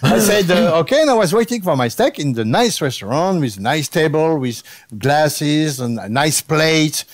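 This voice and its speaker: A man's voice: on the high side, animated, moderate pace. A man with a French accent telling a comic anecdote in broken English, laughing through his own punchlines as a guest impressionist.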